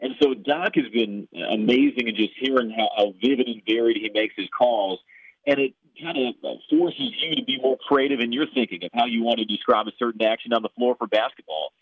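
A man's voice: mid-range voice, fairly quick, slightly rough, no room sound. A Chicago-accented man who calls games for a living talks through an interview with an earnest, storytelling flow. His voice comes through narrow and phone-like, dry with no room around it. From Chicago area. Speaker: play-by-play broadcaster. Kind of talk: podcast interview answers. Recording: tinny phone line.

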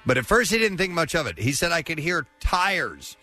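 A man's voice: a little high, sing-song, moderate pace, bright, forceful tone, faint music behind. A man hosting a radio morning show, reading odd news stories aloud and laughing often as he goes.

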